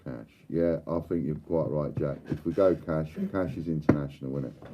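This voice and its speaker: A man's voice: very deep voice, normal speed, dull audio, noisy background. An older man hosting a live stream, chatting and bantering with viewers and reading out their comments. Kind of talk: casual chat to live viewers.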